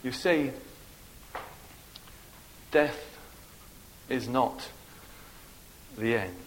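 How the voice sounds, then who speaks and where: An older man from England gives a funeral sermon in a gentle, deliberate preaching manner, letting his voice drop softly on key words. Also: mid-range voice, lively intonation, a little hiss or hum, low-quality recording. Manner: slow, gentle, deliberate preaching with soft drops in volume. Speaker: minister at a funeral.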